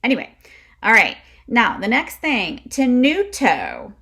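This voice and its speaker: A woman's voice: medium pitch, animated, moderate pace. A woman teaching a music lesson to camera, chatty and often checking in with "okay?", demonstrating breath kicks with short huffs. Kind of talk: instrumental lesson video.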